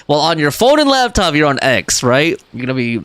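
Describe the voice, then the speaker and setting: A man's voice: fairly high pitch, sing-song, a little fast, a bit bright, smooth, no echo. A man in his thirties streaming a game, reading viewer chat aloud and bantering with a laugh. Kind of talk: casual live stream chat.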